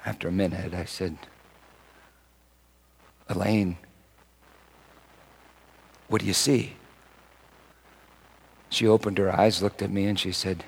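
A male pastor preaching a sermon and telling a personal story, dropping to a hush and then rising to loud, emphatic delivery. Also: fairly low pitch, unhurried, vocal fry, long pauses, husky, low-quality recording. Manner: swings from hushed to loud emphatic.

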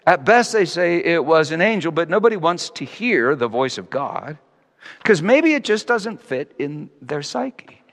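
A man preaching a sermon in a reflective way, slowing down to stress key phrases. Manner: reflective, wide-ranging pitch, slows for emphasis. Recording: long reverb of a hall.

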